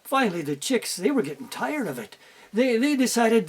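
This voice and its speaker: Animated husky male storyteller. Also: very high voice, normal speed. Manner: animated, folksy, makes sound effects. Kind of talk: oral storytelling.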